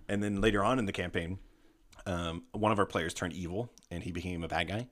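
A man hosting a casual podcast chat, retelling a tabletop game story in an animated way, swearing freely. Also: low voice, a little fast. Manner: animated, swearing, breaks into laughter.

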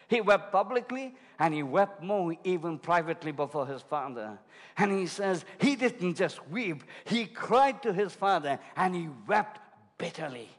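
Man preaching, high voice, long hall reverb. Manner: dramatic preaching, swings from shouting to hushed. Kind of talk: sermon.

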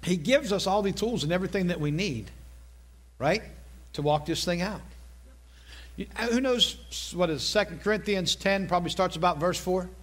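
A middle-aged male pastor preaching a sermon, telling a story with lively asides and repeated phrases. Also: high-pitched, normal speed.

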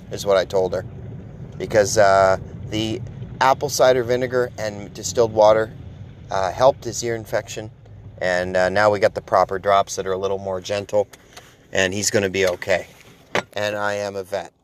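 A man's voice: lowish voice, fairly even intonation, moderate pace, a little hiss or hum. A man hosting a podcast, telling rambling, profane, jokey stories in a casual monologue. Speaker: podcast host.

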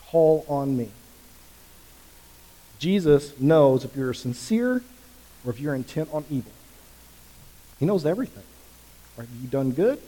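Passionate preaching man in an echoing hall. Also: a little high. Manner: preaching with rising emphatic passion, swinging from soft to loud. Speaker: pastor. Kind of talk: sermon. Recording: long reverb of a large hall.

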